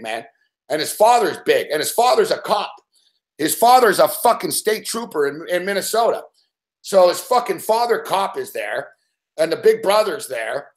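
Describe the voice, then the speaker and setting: Rambling, foul-mouthed guy telling a story. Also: sits high. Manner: swears constantly, rambling, acts out growls and laughs. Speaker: show regular telling a story. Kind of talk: casual profane storytelling.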